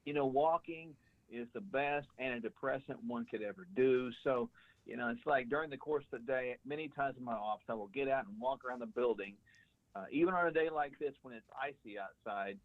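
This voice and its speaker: A man's voice: mid-range voice, brisk, dry recording. A man joins a radio interview over a tinny phone line, giving advice in an emphatic, explanatory coaching tone. The sound is dry, with no room around his voice. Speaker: radio show guest, lifestyle coach.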